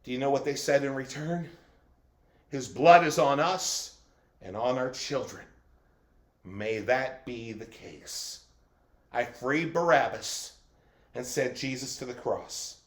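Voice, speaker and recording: A man's voice: medium pitch, animated, slow, long pauses, voice pushed down. A man playing a fearful Roman governor, voicing an anguished inner monologue in a dramatic first-person portrayal. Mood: troubled. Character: anxious male Roman governor, torn and fearful. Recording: echoey room.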